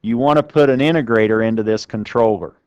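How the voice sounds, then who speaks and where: A man's voice: on the low side, quick pace, darkish tone, clean tone, no room sound, lo-fi sound. A man giving a university classroom lecture, talking conversationally and putting questions to the class. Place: lecture room.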